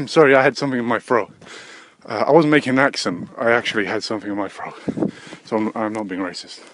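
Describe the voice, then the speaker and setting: A man talking on his own podcast, wandering from thought to thought in a loose, profane ramble. His delivery stays deadpan, steady and unhurried, with fillers scattered through his sentences. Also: fairly low pitch, a little hiss or hum. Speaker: podcast host. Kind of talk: rambling solo comedy podcast.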